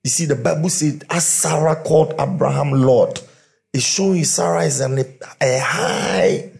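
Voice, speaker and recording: A man's voice: a little high, a little slow, creaky, darkish tone. A middle-aged man, preaching a sermon through humorous storytelling.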